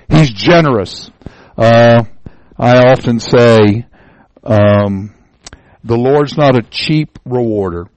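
A man's voice: medium pitch, takes it slowly, pauses often, darkish tone, dry recording, rough recording. Folksy male Bible teacher, dry sound. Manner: folksy storytelling, repeats words. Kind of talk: informal Bible lesson.

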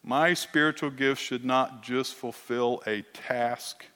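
Earnest preacher in a reverberant hall. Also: male voice, mid-range voice, fairly even intonation, slow pace. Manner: emphatic, earnest, grows emotional and quiet. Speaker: pastor. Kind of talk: sermon.

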